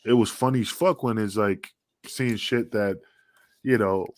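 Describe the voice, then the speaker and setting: A man's voice: fairly low pitch, a little slow, no echo, studio quality. A middle-aged man, a former pro wrestler, telling rambling, profane backstage stories in a casual podcast chat. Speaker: retired pro wrestler guest.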